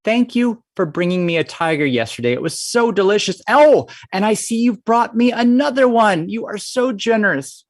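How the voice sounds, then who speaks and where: A man's voice: high voice, lively intonation, moderate pace, few pauses, dry recording, studio quality, voice pushed up. Frog, a man playing a sly boastful frog. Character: small clever male frog, boastful trickster.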